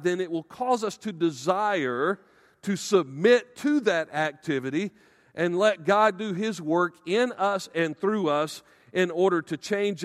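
High-voiced man preaching in a reverberant hall. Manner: emphatic preaching, slows on key words. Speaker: pastor. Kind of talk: sermon.

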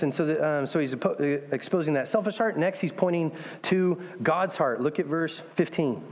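A man's voice: a little high, a little mellow. Conversational male pastor in a reverberant hall. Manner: conversational, restarts often, reads scripture aloud. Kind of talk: sermon.

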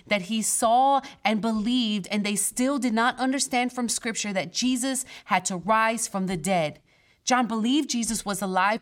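A woman pastor delivering a sermon in a church, earnest and conversational, with playful asides between scripture readings. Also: fairly high pitch.

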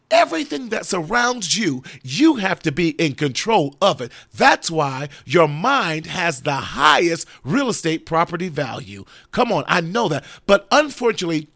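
A woman hosting a motivational self-help talk, speaking in an emphatic, preacherly way and leading listeners in affirmations they repeat after her. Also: deep voice. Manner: emphatic, preacherly, leads call-and-response affirmations. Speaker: motivational podcast host.

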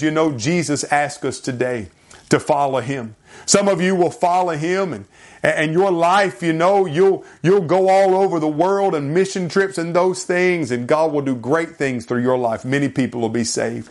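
A man preaching a sermon, earnest and emphatic, with dramatic readings from scripture. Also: fairly high pitch. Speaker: pastor.

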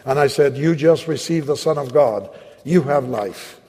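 A man preaching with a Latin American accent, telling a personal story and then slowly leading the listeners in prayer, acting out both sides of the dialogue. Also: medium pitch, dark tone, husky. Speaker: evangelist preacher. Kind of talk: sermon with personal story and altar-call prayer. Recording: long hall reverb.

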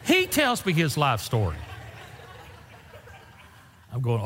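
A man's voice: a little slow, pauses often, slight background noise. A pastor preaching a sermon, telling folksy stories with big swings in his voice. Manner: folksy storytelling with lively swings in pitch. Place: church sanctuary. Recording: echoey hall with long reverb.

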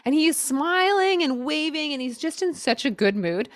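A woman's voice: high-pitched, big pitch swings, normal speed, no room sound, clean studio sound. A woman co-hosting a podcast in casual chat, bubbly and upbeat, laughing easily. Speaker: podcast co-host.

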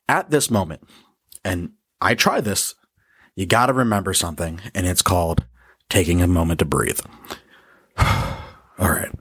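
A man's voice: deep voice, measured pace, pauses often, a bit bright, slightly rough. A man hosting a podcast, giving a casual motivational monologue in a blunt, profane and self-deprecating way. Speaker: podcast host.

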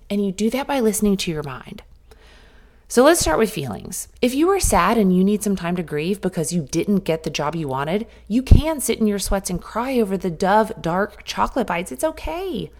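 A woman's voice: mid-range voice, darkish tone. A middle-aged woman hosting a solo motivational podcast, talking candidly and directly as she coaches her listeners. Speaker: podcast host.

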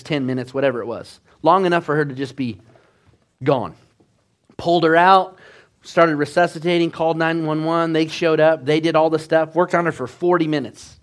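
A man preaching a sermon as pastor, telling stories with animated swings between hushed and loud delivery. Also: on the high side.

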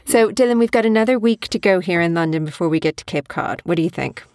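A playful woman with a slightly low voice, quizzing her young child in a casual home podcast. She sounds close to a desk mic in a small room with a dry, dead sound. Her questions come teasing and quick. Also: darkish tone, no echo. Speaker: podcast host. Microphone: desk USB mic.

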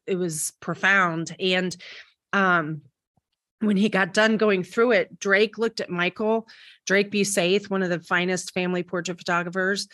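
A woman co-hosting a podcast, telling a story in casual, animated chat with many restarts. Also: fairly low pitch, measured pace, no room sound, studio quality. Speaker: podcast co-host.

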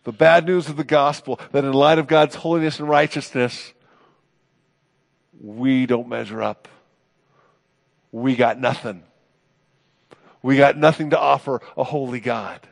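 A man preaching a sermon as a pastor, earnest and emphatic, his phrases often rising and then trailing off softly. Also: mid-range voice, unhurried, gravelly, pauses often, big-room sound.

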